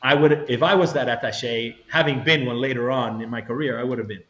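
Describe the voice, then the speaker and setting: A man's voice: medium pitch, quick pace. Roomy-sounding middle-aged male storyteller. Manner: animated storyteller, acts out quotes, frequent restarts. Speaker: retired federal agent, interview guest. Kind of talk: storytelling in a podcast interview. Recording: roomy, slightly dull sound.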